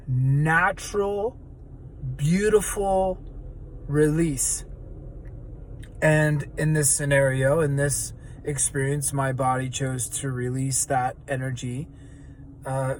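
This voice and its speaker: A man's voice: medium pitch, slight background noise. A man vlogging in an earnest, searching way, with many fillers as he reflects. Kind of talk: reflective personal vlog.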